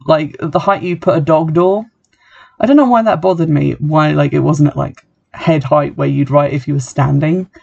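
In a muffled recording, a creaky, dark-toned voice at medium pitch gives a sardonic, offhand movie recap. Chatty throughout, the speaker leans heavily on "like" and tosses in dry remarks.

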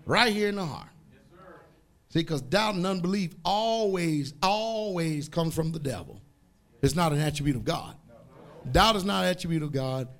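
Male pastor, high bright voice, fervent preaching with shouted peaks. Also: expressive, moderate pace. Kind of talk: sermon.

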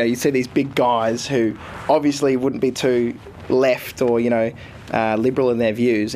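A man speaks earnestly and reflectively in an interview, his pitch very flat. Faint noise sits behind him.

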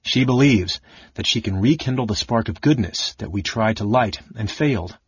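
A man voicing a stern old archmage who speaks in a measured, solemn way. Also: fairly low pitch, lively intonation, breathy edge, dry recording, muffled recording, full character voice. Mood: grave.

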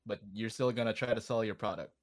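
Laid-back, low-voiced male podcast co-host. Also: steady tone, quick pace. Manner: laid-back, affirming listener who runs segments. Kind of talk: casual chat.

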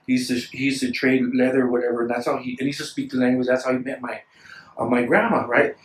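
A man telling stories in casual chat, rambling and animated, acting out the voices of people he quotes. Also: medium pitch, quick pace. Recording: echoey room, distant mic.

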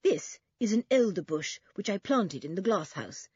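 A woman's voice: medium pitch, expressive, moderate pace, a little mellow, breathy edge, no room sound, muffled recording. A woman voicing an odd, dreamy male butterfly farmer who speaks in an awed way, in a storybook reading. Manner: awed, whimsical.

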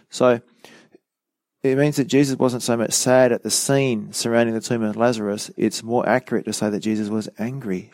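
A man's voice: mid-range voice, gravelly, a little mellow, no room sound. A man preaching a sermon, teaching in a conversational way with frequent fillers like "you know.".

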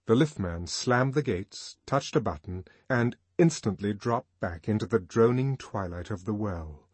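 A man reading a novel aloud as audiobook narrator, in an expressive, varied manner. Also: on the low side, a little slow, slightly rough, no room sound.

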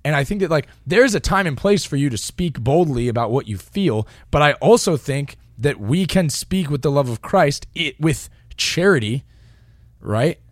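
A man's voice: a little high, lively intonation, moderate pace, no echo, studio quality. A man co-hosting a casual faith podcast, talking earnestly with frequent restarts. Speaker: podcast co-host.

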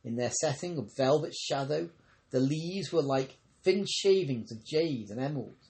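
A man with a mid-pitched, ordinary voice reads a novel aloud. He narrates steadily, but he trips over the odd word and goes back to fix it. It sounds like an amateur audiobook reading. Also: lively intonation, moderate pace, a little mellow. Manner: reads with occasional stumbles and self-corrections. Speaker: audiobook reader. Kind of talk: scripted narration.

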